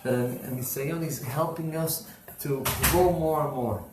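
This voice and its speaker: Animated storytelling rabbi in an echoey room. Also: male voice, on the high side, a little slow, noisy background. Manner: animated storyteller, bursts into shouting for quoted characters. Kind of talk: sermon with told stories. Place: synagogue. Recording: roomy echo, faint ambience.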